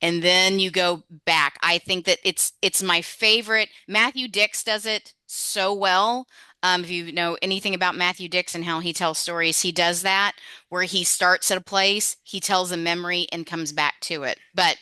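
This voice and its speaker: A woman's voice: lowish voice, fairly even intonation, moderate pace, sharp tone, smooth, no room sound. A woman leading a storytelling workshop on a video call, chatty and encouraging, with many restarts.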